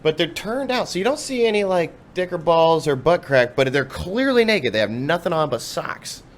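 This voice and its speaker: A man telling stories as a guest on a casual podcast, animated and freely swearing. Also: fairly high pitch, normal speed. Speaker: podcast guest, musician and singer.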